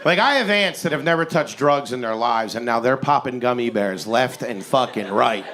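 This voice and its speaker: A man in his forties performing a stand-up comedy set on stage, with an animated, incredulous, ranting delivery. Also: medium pitch, normal speed, a little hiss or hum. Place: comedy stage before a live audience.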